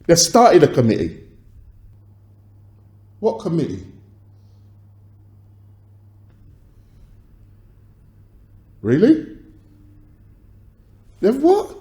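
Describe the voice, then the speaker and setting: An actor playing an agitated record label boss, arguing on the phone and swearing. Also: male voice, high voice, mellow, echoey room, heavily acted. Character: angry male London record boss on phone. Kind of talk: dramatized film phone calls.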